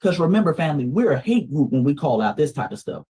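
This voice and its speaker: A man's voice: fairly high pitch, very animated, fast, warm tone, breathy edge, poor audio. A man from Atlanta with a Southern US accent, hosting a clip commentary stream in an emphatic, repetitive way that speaks straight to his audience. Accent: Southern US (Georgia). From Atlanta, Georgia, US. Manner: emphatic, repeats lines, calls out to the audience. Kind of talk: livestream commentary on clips.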